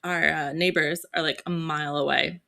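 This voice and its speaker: A woman in her thirties with a fairly low voice tells a family story in animated style. She slips into quick character voices for the people in the tale. Her delivery is casual and chatty. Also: creaky. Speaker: podcast host. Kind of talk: casual chat.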